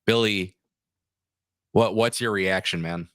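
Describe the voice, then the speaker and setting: A man's voice: lowish voice, takes it slowly, fairly bright tone, no echo, clean studio sound. Frustrated, fired-up male co-host. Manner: fired-up, frustrated, stumbling restarts. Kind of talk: livestream wrestling talk.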